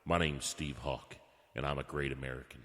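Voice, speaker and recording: A man's voice: a bass voice, fairly even intonation, fairly quick, voice pushed down. A man putting on a pompous, patriotic man solemnly taunting a ghost in a sing-song mock speech.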